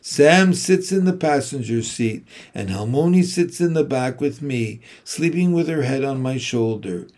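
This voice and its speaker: A male narrator reads a middle-grade novel in first person, unhurried and thoughtful. His pitch sits in a middle range, and he lets each sentence settle before the next. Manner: slow, even, reflective reading. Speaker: audiobook narrator.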